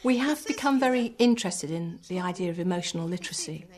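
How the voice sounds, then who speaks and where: A woman's voice: fairly low pitch, lively intonation, quick pace, darkish tone. A middle-aged woman, a primary school teacher who talks in a patient, encouraging, articulate way as she explains her methods and leads a class.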